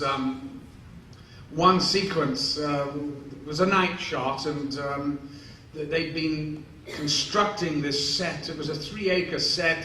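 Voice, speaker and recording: A man's voice: a little high, a bit bright. Amused man in an echoey hall. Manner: rambling, amused, acts out quotes. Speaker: convention guest telling anecdotes. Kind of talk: live Q&A storytelling. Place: large convention hall. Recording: echoey hall, distant mic, faint noise.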